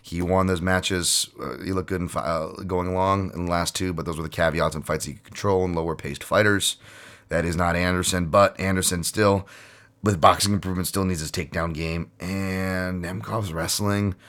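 A man's voice: low voice, fairly even intonation, moderate pace, fairly bright tone. A man hosting a podcast in casual chat, rambling and jokey with frequent swearing and fillers. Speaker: podcast host.

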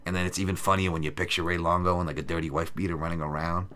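He talks very fast in a low, level voice that's pushed and bright. As host of the podcast, he makes fight betting picks and reads out the chat in loose, sarcastic, profane livestream banter.

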